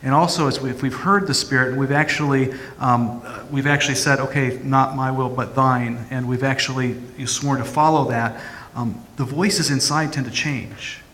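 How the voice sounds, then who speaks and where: Male pastor, reflective sermon, middle pitch, long church reverb. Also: a bit bright. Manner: reflective, halting, many restarts. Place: church sanctuary.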